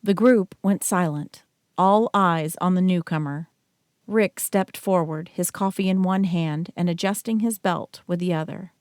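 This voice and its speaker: A woman narrating an audiobook in a measured, even reading. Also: on the low side, dry recording. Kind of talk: scripted narration. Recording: dry close studio mic.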